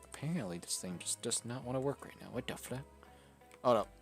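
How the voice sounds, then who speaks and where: Young male streamer, casual chat, lively swearing delivery, faint music behind. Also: medium pitch, brisk, gravelly. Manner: swearing, laughing, chatty and animated. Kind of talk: casual live-stream chat while gaming.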